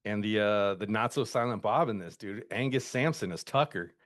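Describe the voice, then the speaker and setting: A man's voice: on the low side, moderate pace, a bit bright, dry recording, clean studio sound. A man co-hosting a podcast, chatting casually and crudely, joking and saying dude a lot. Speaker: podcast co-host. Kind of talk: casual chat.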